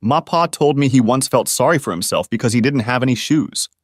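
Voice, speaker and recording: A man voicing a calm, kindly cowboy spirit from the old West, talking in a folksy Texas accent. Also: medium pitch, brisk, no echo, studio quality, lightly acted. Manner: folksy, drawling, reassuring.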